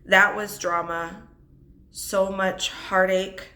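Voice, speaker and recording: Slow, tearful woman telling her story. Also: mid-range voice, little pitch movement, sharp tone. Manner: slow, reflective, holding back tears. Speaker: single mother vlogger. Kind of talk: unscripted personal story.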